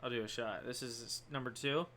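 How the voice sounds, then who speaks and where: A man's voice: medium pitch, steady tone, fairly quick, sharp tone, a little hiss or hum. A man co-hosting a sports podcast, talking casually in a playful, teasing way and laughing often. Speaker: podcast co-host. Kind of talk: casual chat.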